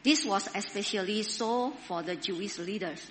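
A woman preaching a sermon, speaking slowly and deliberately and putting questions to her listeners. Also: medium pitch, big-room sound, a little hiss or hum. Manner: slow, deliberate, asks the audience questions.

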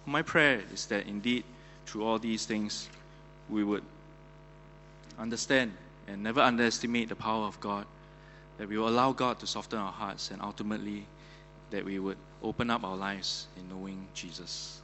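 A male pastor gives an earnest, chatty sermon full of fillers. His voice sits on the low side. It rings in a church hall over a faint hum. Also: fairly even intonation, normal speed, bright, forceful tone. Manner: conversational, many fillers, earnest.

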